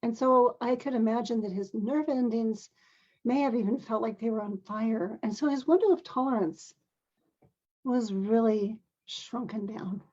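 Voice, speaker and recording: Her voice a little high with a husky edge, an older mother and grandmother recounts a story from her own life. She speaks gently, earnestly and deliberately, with occasional throat clearing, on a dull, lo-fi recording.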